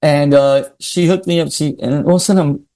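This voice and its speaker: A middle-aged man, a singer guest, telling stories excitedly and acting out what people said. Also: on the high side, normal speed. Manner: excitable storyteller, acts out quotes, laughs often. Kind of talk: casual interview chat.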